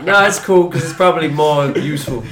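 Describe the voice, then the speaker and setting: A man's voice: a little high, a little fast, fairly bright tone. A man playing a tabletop game, playful and giggly. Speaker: player. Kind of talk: tabletop game role-play. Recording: echoey room.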